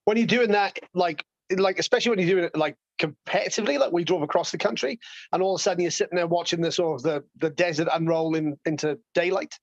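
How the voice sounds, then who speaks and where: A man chatting as a podcast guest, animated and enthusiastic, laughing often. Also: sits high, fast talker, no echo, highs cut off. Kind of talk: casual chat.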